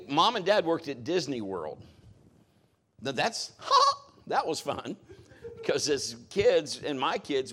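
A man's voice: mid-range voice, fairly bright tone. A middle-aged man preaching a sermon as a pastor, talking in a conversational, folksy way with joking asides.

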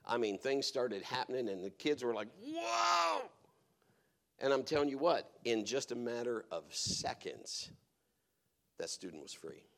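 A middle-aged man preaching a sermon, telling stories and swinging between hushed, quiet passages and loud, emphatic exhortation. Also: mid-range voice, animated, normal speed. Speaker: pastor.

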